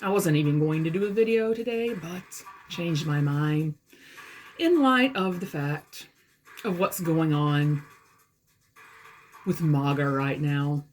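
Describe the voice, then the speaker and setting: A woman's voice: low voice, slow pace, pauses often, darkish tone, a little hiss or hum. A woman from the American South with a Southern US accent, talking bluntly and with exasperation in a casual vlog. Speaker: vlogger. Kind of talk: casual talk to camera.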